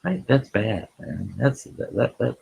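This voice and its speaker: A man's voice: lowish voice, lively intonation, a little slow, vocal fry, a little mellow, breathy edge, low-quality recording. A man hosting a live stream, telling a rambling folksy story and greeting people in the chat.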